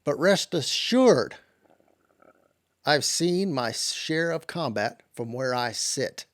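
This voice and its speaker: A man's voice: mid-range voice, big pitch swings, takes it slowly, a bit bright. A man voicing a boastful, touchy cowboy who tells tall tales of his military service in a rambling, put-on accent. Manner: rambling, swaggering bravado.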